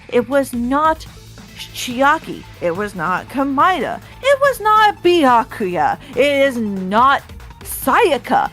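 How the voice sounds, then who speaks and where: A woman co-hosting a casual drinking chat, ranting emphatically and swearing freely, slightly tipsy. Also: sits high. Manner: emphatic, profane, rants with mocking put-on quotes. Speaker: podcast co-host. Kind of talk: casual chat about a video game.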